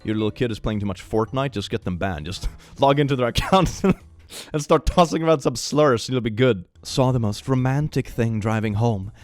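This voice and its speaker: A man hosting a casual reaction show, commenting on posts with animated, amused asides. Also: medium pitch, moderate pace, dry recording.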